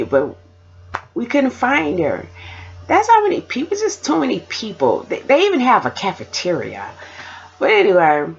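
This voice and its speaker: A woman's voice: on the low side, breathy edge, highs cut off. A woman vlogger chatting casually and rambling to her camera.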